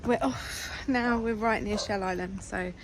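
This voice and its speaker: A woman hosting a casual travel vlog, chatty and excitable with quick asides, filming on a handheld camera. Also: mid-range voice. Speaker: vlogger. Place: in a campervan on the road and outdoors. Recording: loud road and wind noise.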